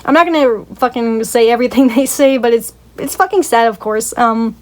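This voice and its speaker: Young woman, slightly high voice, casual video review, rambling, swears a lot, gushing. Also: a little fast, darkish tone. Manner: emotional, gushing. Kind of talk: casual review, retelling a story.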